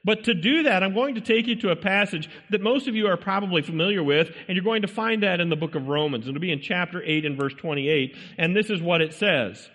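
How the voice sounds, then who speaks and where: A man preaching a sermon, pausing often to ask his congregation rhetorical questions. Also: sits high, a bit bright. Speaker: pastor. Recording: long hall reverb.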